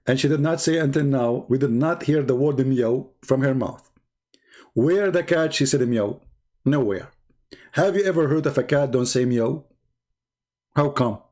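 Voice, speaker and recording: Husky man ranting sarcastically on a stream. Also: mid-range voice, a little mellow. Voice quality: non-native English phrasing. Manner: sarcastic, mock-arguing as his opponents. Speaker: live stream host. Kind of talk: mocking live-stream rant.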